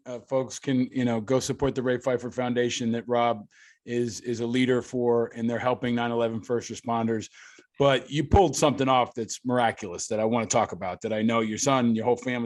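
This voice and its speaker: A man hosting a podcast, asking long, earnest, admiring questions that ramble with fillers. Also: mid-range voice. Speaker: podcast host. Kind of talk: interview questions.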